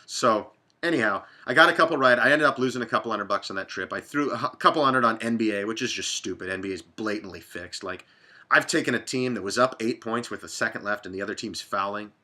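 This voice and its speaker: A man's voice: on the low side, quick pace, bright, forceful tone. A man from Dallas hosting a casual sports betting talk, blunt and profane, rambling from one game to the next. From Dallas, Texas.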